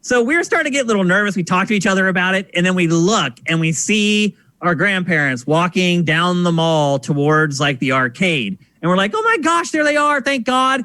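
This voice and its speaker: High-pitched guy hosting a podcast, acts out people in his stories, dry sound. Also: brisk, few pauses, no echo. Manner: animated storyteller, acts out voices. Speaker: podcast host. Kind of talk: casual podcast chat.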